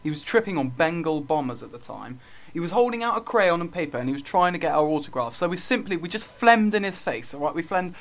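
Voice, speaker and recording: A man's voice: on the high side, lively intonation, fast talker. Hammy man co-hosting a comedy show. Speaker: comedy podcast co-host. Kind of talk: improvised comedy sketch.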